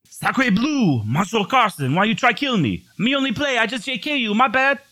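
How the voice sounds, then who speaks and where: A man's voice: big pitch swings, normal speed, bright, forceful tone, no room sound, full character voice. A man voicing a blustering French Canadian bully who begs for his life in broken English, with a put-on French Canadian accent. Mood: pleading. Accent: mock French Canadian. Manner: pleading, broken English, high and nasal.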